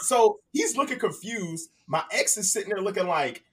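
Man, casual storyteller, fairly high voice, animated, profane, voice a bit off mic. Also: moderate pace, recorded from a distance. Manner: animated, profane, acts out both sides of conversations.

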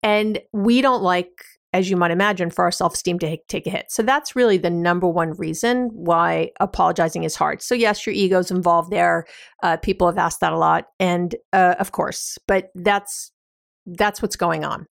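A woman's voice: on the low side, normal speed, gravelly, no echo, studio quality. A woman hosting an advice podcast, explaining in a casual, conversational way with everyday examples and frequent fillers. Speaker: podcast host.

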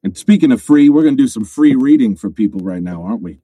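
A man's voice: medium pitch, expressive, quick pace, dark tone, slightly rough, no room sound. A man in his forties hosting a podcast in casual chat, laid-back and swearing freely. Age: 40s. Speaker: podcast host.

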